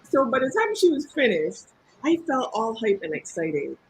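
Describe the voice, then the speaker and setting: A woman, a guest author telling lively, laughing anecdotes in a casual interview. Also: on the high side, moderate pace, slight background noise, poor audio.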